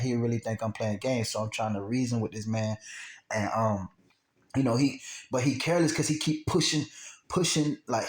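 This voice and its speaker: A man casually telling a personal story, acting out quotes and sound effects and often repeating himself. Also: mid-range voice. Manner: animated, acts out gunshots and quotes, repeats himself. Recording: roomy echo.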